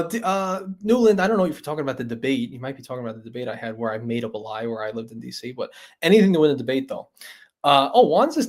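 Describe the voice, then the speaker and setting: Guy rambling on a livestream, laughs a lot, mid pitch. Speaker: livestream host. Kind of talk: casual livestream chat.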